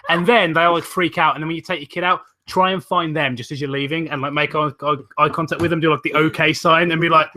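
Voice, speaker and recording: This live stream host has a slightly high, bright, pushed voice with fairly even intonation and a brisk delivery. Between lines of a story he's reading aloud, he swears, jokes crudely, and laughs often.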